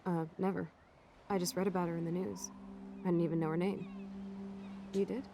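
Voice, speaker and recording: Sardonic young game heroine, gravelly tone, frank talk, noisy capture. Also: female voice, fairly low pitch, little pitch movement, a little fast. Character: blunt, wry young woman, teenage girl's best friend. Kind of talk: video game dialogue.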